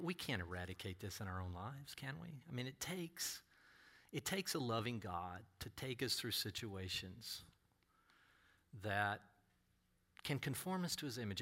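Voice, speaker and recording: A middle-aged man preaching, who tells a personal story with animated delivery and acts out other voices. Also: fairly low pitch, moderate pace. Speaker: pastor.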